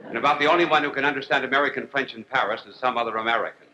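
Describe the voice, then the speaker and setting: A man speaks as a priest giving a lecture to a television audience. His voice is sharp and bright, and his delivery is wry and unhurried. He spaces his phrases out and drops his jokes with a straight face. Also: medium pitch, dull audio, slight background noise. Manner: wry, deliberate, with long pauses and dry jokes. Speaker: priest and TV host.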